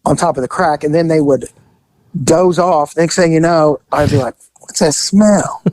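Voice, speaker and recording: A man's voice: fairly high pitch, normal speed, no room sound. A man co-hosting a podcast, telling profane, comedic stories from his police days and acting out the people in them. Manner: profane, animated, acts out quotes. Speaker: podcast co-host, former police officer. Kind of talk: casual comedic storytelling.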